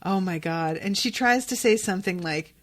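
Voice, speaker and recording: Woman podcast host, casual and excitable, loose and sweary reaction commentary. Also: medium pitch, moderate pace. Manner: chatty, excitable, swears freely, many fillers.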